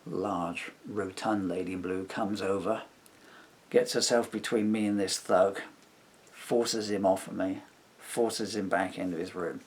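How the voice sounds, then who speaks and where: A man's voice: low voice, steady tone, unhurried. A man telling a long grievance in a personal vlog, rambling and indignant, acting out what others said. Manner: indignant, rambling retelling with acted-out quotes. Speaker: vlogger.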